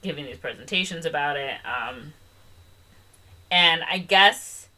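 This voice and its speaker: A woman's voice: low-pitched, measured pace, pushed and bright. A young woman co-hosting a podcast, retelling a film in casual, rambling chat with lots of "like" and "um". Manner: chatty, rambling retelling full of "like" and "um". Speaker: podcast co-host.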